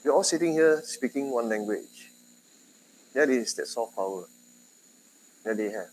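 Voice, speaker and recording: A man's voice: expressive, a little slow, slight background noise, low-quality recording. Singaporean man lecturing a class. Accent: Singaporean English with a Malay tinge. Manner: conversational, questions students, jumps in loudness and pitch. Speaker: university lecturer.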